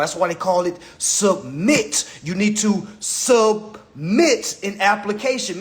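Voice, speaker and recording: A man hosting a livestream on his phone, lecturing in a profane, mocking way and repeating himself. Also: sits high. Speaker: livestream host. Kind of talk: casual livestream rant.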